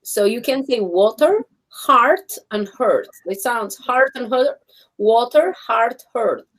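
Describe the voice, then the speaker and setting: Woman co-host for a relaxed live chat, lively storyteller who laughs a lot, pitched a touch high. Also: takes it slowly, low-quality recording. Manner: animated storyteller who acts out other people's voices; laughs often.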